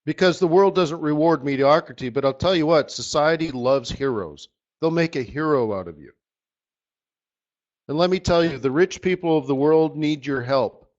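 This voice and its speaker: A man hosting a live currency trading session, giving a rambling, animated motivational talk to his viewers. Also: fairly high pitch, normal speed, muffled recording. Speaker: forex market strategist hosting a live session.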